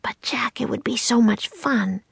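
A woman voicing an eager, bold little girl in a storybook reading, excited and pleading. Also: fairly high pitch, measured pace, vocal fry, breathy edge, no echo, clean studio sound, pitched above the performer's own voice, full character voice. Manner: excited, pleading, rising questions.

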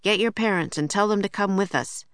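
A woman voicing a calm young boy who speaks in a steady, matter-of-fact way. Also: mid-range voice, a little fast, no echo, studio quality, close to an everyday voice.

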